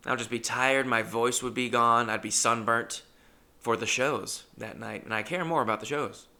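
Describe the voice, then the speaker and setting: Male stand-up comedian, loose rambling storyteller with a bright, forward tone and no filter on language. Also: medium pitch, fairly even intonation, normal speed. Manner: rambling, swears freely. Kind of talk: casual storytelling monologue.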